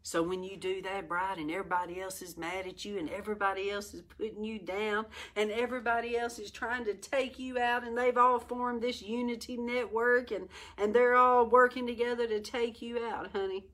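A woman's voice: medium pitch, little pitch movement, moderate pace, hardly any pauses, fairly bright tone. A middle-aged woman teaching a Bible study, reading scripture and exhorting her listeners with fiery energy. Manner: fiery, exhorting, breaks into laughter and exclamations.

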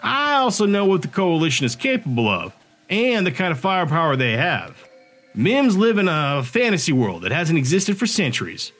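A man voicing a gruff, cynical male private investigator in an audiobook, sardonic and grumbling. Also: on the high side, sing-song, a little fast, a bit bright, faint music behind. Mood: skeptical.

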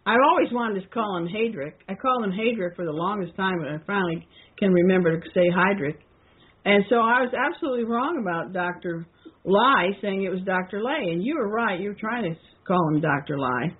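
Woman cohost, husky voice, phone-line sound, rambly and hesitant. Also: medium pitch, lively intonation, fast talker. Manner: hesitant, with frequent fillers and restarts. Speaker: podcast co-host. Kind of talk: casual discussion of a historical text.

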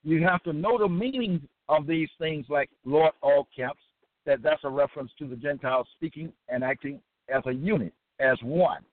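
Preacher, man, somewhat high voice, dry phone-like audio, keeps asking rhetorical questions. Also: normal speed, no echo. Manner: repetitive rhetorical questions, frequent "okay?". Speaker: religious teacher. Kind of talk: preaching lecture. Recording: tinny dry phone-line sound.

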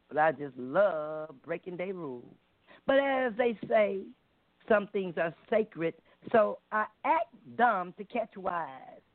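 A woman's voice: mid-range voice, no room sound. A woman calls in to an open mic and performs a poem aloud. Her delivery is rhythmic and emphatic, and she plays with dialect as she recites. The sound is dry and thin, like a phone line. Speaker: open mic poet caller. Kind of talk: spoken word poetry reading. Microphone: phone call.

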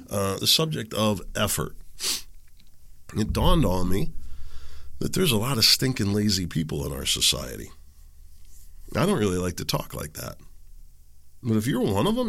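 A man's voice: deep voice, vocal fry, fairly bright tone. A middle-aged man hosting his own podcast, talking casually and frankly with lots of ums and asides. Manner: rambling, chatty, frank, with frequent ums and self-corrections. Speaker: podcast host. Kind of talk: casual solo podcast monologue.

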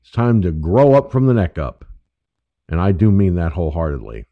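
A man with a very low voice rants through a political talk radio monologue, swearing freely and hammering his points home. His pitch swings widely as he pushes each point. The sound is dry and dull, like a lo-fi home broadcast. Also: big pitch swings, moderate pace, no room sound. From New York State, USA. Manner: profane, ranting, emphatic. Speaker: internet radio show host.

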